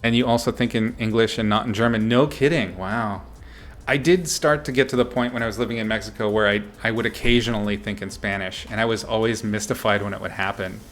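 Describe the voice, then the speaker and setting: A man's voice: fairly low pitch, fairly even intonation, a little fast, a bit bright, soft background music. Laid-back man chatting on stream. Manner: chatty, laughs often, reads and answers chat. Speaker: streamer chatting with viewers while painting. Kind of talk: casual livestream chat.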